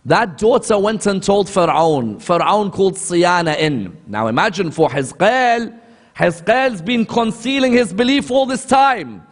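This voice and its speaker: A man's voice: high voice, animated, measured pace. A man giving a sermon lecture, telling a story and asking rhetorical questions that he then answers. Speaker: Islamic lecturer. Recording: long hall reverb.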